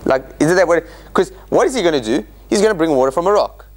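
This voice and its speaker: Lively, rather high-voiced male rabbi teaching. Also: fast. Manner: animated, questioning the class and acting out quotes. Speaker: rabbi teaching a Bible study class. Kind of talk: interactive classroom lecture.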